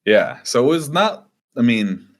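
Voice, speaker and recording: A man's voice: mid-range voice, very animated, unhurried. A young man co-hosting a podcast, talking in a laid-back, hesitant way and laughing easily. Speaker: podcast co-host. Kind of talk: casual podcast chat.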